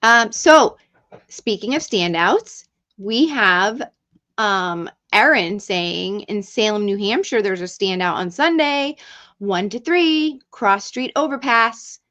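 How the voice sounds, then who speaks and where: A woman's voice: medium pitch, expressive, slow, a bit bright. A middle-aged woman hosting a casual livestream, chatting loosely, swearing freely and reading out comments from viewers. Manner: chatty and profane, reads chat aloud, drifts off-mic. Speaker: livestream host. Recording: dull lo-fi stream audio.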